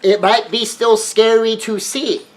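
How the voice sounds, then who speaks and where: On a rough recording, a man whose voice sits high and fairly even offers earnest relationship advice in monologue. When he rushes to build a point he repeats words, and he acts out quoted exchanges.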